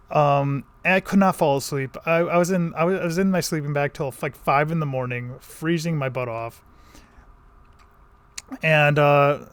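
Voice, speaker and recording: A man's voice: on the high side, fairly bright tone, no echo. A man from the Connecticut countryside telling a long story in a casual vlog, rambling with many restarts and fillers. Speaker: vlogger.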